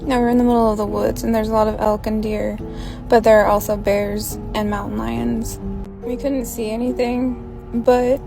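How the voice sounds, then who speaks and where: A woman calmly telling a creepy story from her past in a relaxed, conversational way. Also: on the high side, poor audio. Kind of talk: casual spooky storytelling.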